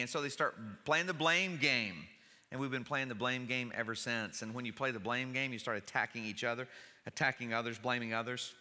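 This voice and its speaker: A man's voice: medium pitch, normal speed, pushed and bright. A man preaching a sermon in church, in a conversational way with wry humor. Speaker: pastor. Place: church sanctuary. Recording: reverberant church hall.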